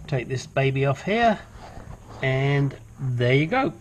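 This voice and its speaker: A mid-range male voice with big pitch swings talks slowly over slight background noise. He hosts a home mechanic channel, casually walking through a brake and control arm job with occasional swearing, side tangents, and a silly accent here and there.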